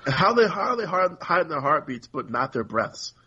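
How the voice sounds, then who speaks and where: Podcast co-host, male, husky rambling rant, muffled lo-fi sound. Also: a little high, big pitch swings, normal speed, sharp tone. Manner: rambling, exasperated, quotes characters in mock voices. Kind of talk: casual podcast chat.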